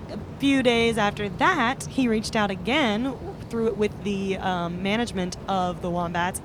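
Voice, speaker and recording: Chatty woman over van road noise. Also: medium pitch. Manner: chatty, upbeat, with frequent fillers. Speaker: podcast host and band member. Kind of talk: casual storytelling chat. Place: inside a moving van.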